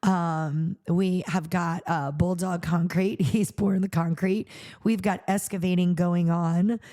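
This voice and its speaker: A woman's voice: lowish voice, steady tone, a little slow, dark tone. A middle-aged woman, a charity founder and podcast host, tells a personal story in conversation, acting out the quoted dialogue with animation.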